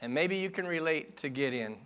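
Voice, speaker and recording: A middle-aged male pastor preaching in a candid, self-deprecating, conversational manner. His voice sits a little higher than most men's and sounds bright and forceful. He speaks directly to the congregation as if chatting with them. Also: lively intonation, a little fast. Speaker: senior pastor. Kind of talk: sermon.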